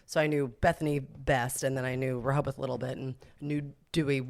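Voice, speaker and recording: With a bass voice and a slightly quick pace, a middle-aged podcast guest who runs a boutique animatedly recounts an anecdote, poking fun at herself. She laughs a lot and mimics the people in her story.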